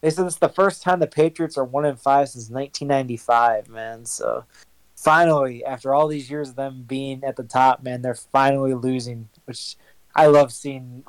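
A man co-hosting a casual sports podcast, talking in an easygoing, steady way with light laughter. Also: mid-range voice, normal speed, clear, resonant tone, no room sound, low-quality recording. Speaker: podcast co-host.

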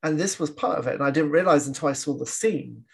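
Quick-paced with vocal fry and a fairly high pitch, this man co-hosts a podcast about old films. The chat stays casual as he laughs often and acts out quotations.

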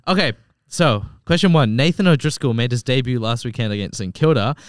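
Young man, Australian accent, podcast quizmaster, matter-of-fact, smooth voice, dry close sound. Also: mid-range voice, brisk, dry recording. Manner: plain, matter-of-fact quizmaster reading questions. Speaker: podcast co-host running a quiz. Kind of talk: casual podcast chat. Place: podcast booth.

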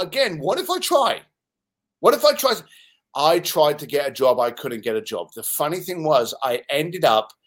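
A man in his fifties from London, with a London English accent, telling lively stories as an interview guest. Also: mid-range voice. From London, England. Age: 50s. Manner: animated, swearing, laughs while telling stories. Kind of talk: casual storytelling in conversation.

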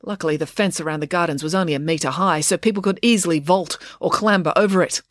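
A woman narrating a children's storybook aloud, lively and dramatic. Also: lowish voice, fast talker, no echo, studio quality. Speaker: audiobook narrator.

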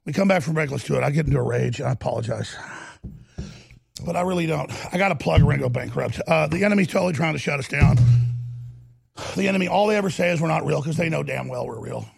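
Middle-aged male host, husky gravelly voice, ranting and shouting on a talk show. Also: on the high side, quick pace, soft background music. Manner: erupts into shouting and growling. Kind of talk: heated talk show rant.

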